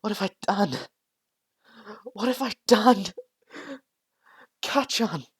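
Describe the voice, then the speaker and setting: A man voicing a timid young boy with a high, pleading, tearful voice. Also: expressive, takes it slowly, husky, full character voice. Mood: sobbing. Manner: pleading, sobbing, high strained cries.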